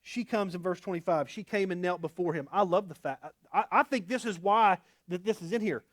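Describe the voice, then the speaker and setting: A male pastor delivers a sermon in a high, lively voice that swings between emphatic outbursts and quieter asides. He talks casually and with humor. The sound is close and dry. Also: a little fast, no room sound.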